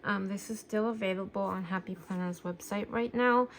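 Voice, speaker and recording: A woman with a gravelly fry in her voice, chatting casually as she pages through a sticker book. She sounds a little out of breath and fills her talk with "um"s. A faint hiss sits under her voice. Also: medium pitch, steady tone, normal speed. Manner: chatty, with frequent "um" fillers. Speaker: planner vlogger.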